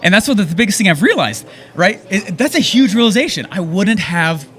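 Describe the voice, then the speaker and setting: A young man giving an energetic, excitable motivational talk to an audience on a handheld microphone, often tagging his points with "okay?". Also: sits high. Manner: energetic, excitable, fast-talking with frequent "okay?" tags. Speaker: event speaker.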